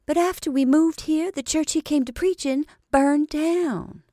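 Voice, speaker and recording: A woman doing a shy girl of thirteen, high and soft. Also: unhurried, no room sound, studio quality. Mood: shy, eager. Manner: soft, eager, at times whispered. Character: shy polite thirteen-year-old girl, defiant.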